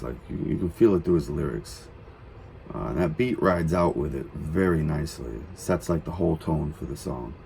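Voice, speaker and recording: A man's voice: very deep voice, lively intonation, moderate pace, gravelly, dark tone, slight background noise. A man giving casual, rambling commentary while reacting to a song, with many fillers. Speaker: reaction video host.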